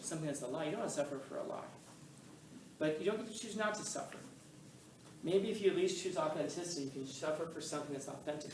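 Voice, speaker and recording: A man's voice: a little high, slight background noise. A man teaching a class on philosophy, telling stories animatedly and acting out voices along the way. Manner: animated storytelling, acts out voices in anecdotes. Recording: echoey room, mic at a distance.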